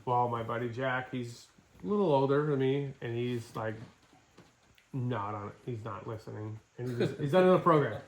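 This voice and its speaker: A middle-aged man from Wisconsin telling a hunting story in casual, animated talk. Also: medium pitch, moderate pace, slight background noise. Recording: echoey room.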